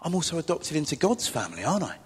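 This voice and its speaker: A cheerful nine-year-old girl with a high, bright voice, as a man puts her on in a sermon. The sound is a little husky, and it rings with the long reverb of a church hall. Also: wildly swooping pitch, racing, heavily acted. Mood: eager.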